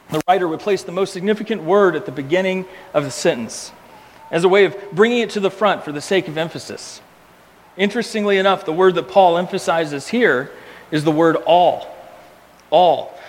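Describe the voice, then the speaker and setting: A man preaching a sermon emphatically, repeating key words and slowing down for effect. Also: high voice, long reverb tail. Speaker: pastor.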